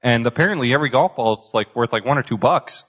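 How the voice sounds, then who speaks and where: A man's voice: medium pitch, lively intonation, fast, fairly bright tone, husky. A young man from the Boston area, chatting casually as a podcast guest, rambling and self-deprecating, swearing freely. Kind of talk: casual chat.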